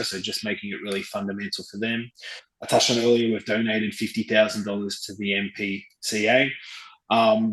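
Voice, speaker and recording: A man's voice: on the low side, fairly bright tone. An Australian man speaking earnestly as a travel company guest on a podcast, with many fillers and restarts. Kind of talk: podcast interview. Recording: roomy echo.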